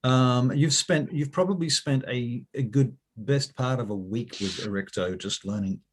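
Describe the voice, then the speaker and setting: A man narrating as game master, starting his sentences haltingly with fillers. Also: medium pitch, slightly rough.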